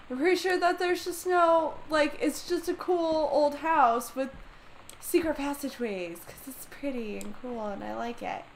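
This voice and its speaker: A woman's voice: high voice, slight background noise, poor audio. A woman doing let's play commentary on a story game, swearing a lot and ranting in exasperation. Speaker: gamer playing a story game.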